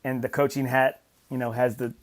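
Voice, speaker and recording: A man's voice: mid-range voice, level tone, moderate pace. A middle-aged man hosting a casual podcast chat, who talks emphatically and repeats phrases for stress. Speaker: podcast host and coach.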